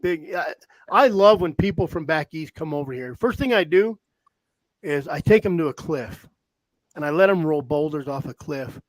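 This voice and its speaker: A man hosting a casual talk show, telling rambling, animated hunting stories with frequent restarts. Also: a little high, normal speed, dry recording. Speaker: podcast host, hound hunter. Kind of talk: casual storytelling chat. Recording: dry close-mic sound.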